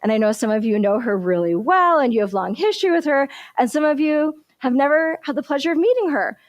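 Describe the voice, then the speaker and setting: A woman minister with a high, bright voice preaching a sermon, lively and storytelling, often turning to the congregation with questions. The sound is close and dry. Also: brisk, no room sound, lo-fi sound.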